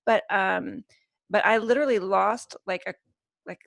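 A young adult woman, a podcast guest, chatting earnestly with many halting restarts and fillers. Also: mid-range voice, vocal fry, a bit bright, dry recording, studio quality. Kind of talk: casual chat.

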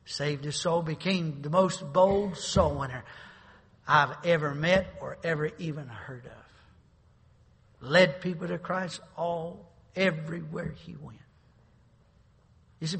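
A middle-aged pastor preaching a sermon, building to sudden shouted climaxes. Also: male voice, a little high, steady tone, slow, vocal fry, long pauses, husky. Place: church sanctuary. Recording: reverberant church sanctuary.

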